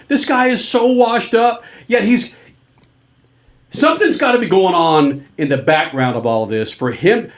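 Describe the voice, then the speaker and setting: A man hosting a sports talk show, joking and ranting about athletes in loud, excitable banter. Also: high-pitched, unhurried. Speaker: sports radio host.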